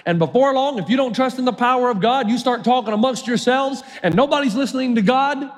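A male pastor with a notably high voice preaches, driving his points home through storytelling and emphatic repetition. His voice rings out with a long reverb, as in a large hall. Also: a little fast. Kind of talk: sermon.

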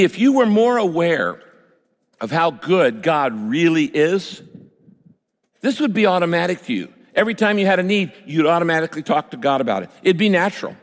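An older male pastor preaches with a lively, swooping delivery, moving from story to emphatic points. His voice sits a little high for a man. Long reverb trails his words, as in a big church hall. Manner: storytelling, animated, rising to emphatic outbursts. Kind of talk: sermon.

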